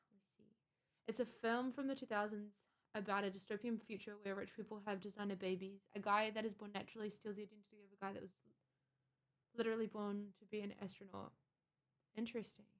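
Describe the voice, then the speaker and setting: A young adult woman streaming live, chatting casually and rambling with lots of fillers. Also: medium pitch.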